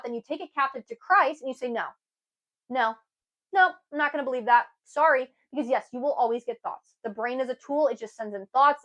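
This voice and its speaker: A young woman giving an earnest, emphatic self-help talk to camera, with sudden lively bursts. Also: fairly high pitch, low-quality recording. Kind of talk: casual motivational talk to camera.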